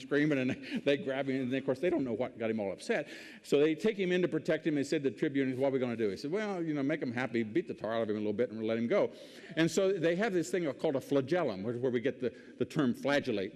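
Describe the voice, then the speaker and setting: A man's voice: mid-range voice, darkish tone. Folksy man preaching in an echoing hall. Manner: folksy and humorous, retells scripture in modern slang. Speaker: preacher, former congressman. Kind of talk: folksy sermon storytelling.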